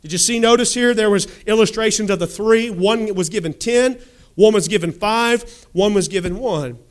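A man's voice: high voice, moderate pace. A man preaching an emphatic sermon, reading scripture and pressing the congregation with questions and calls for amen.

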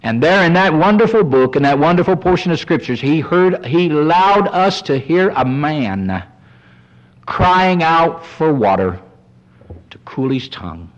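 A man preaching a sermon, his pitch rising as he voices the cries of sinners. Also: expressive, a little slow, lo-fi sound.

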